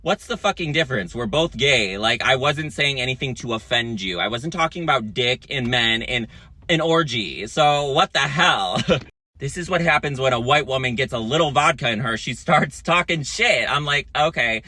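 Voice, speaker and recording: Sassy male vlogger, dramatic, profane storyteller, bright edge, mid pitch. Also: expressive, moderate pace. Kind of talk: storytime monologue.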